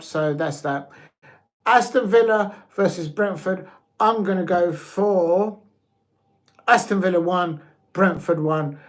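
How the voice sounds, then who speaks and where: Excitable rambling football fan host. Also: male voice, on the high side. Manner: excitable, rambling, stumbling over words. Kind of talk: live watch-along commentary and predictions.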